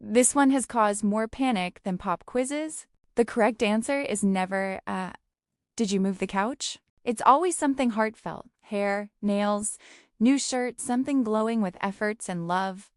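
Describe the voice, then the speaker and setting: A woman's voice: mid-range voice, expressive, measured pace, clean tone, no echo. Woman narrator, playful and teasing, scripted comic storytelling, dry close sound.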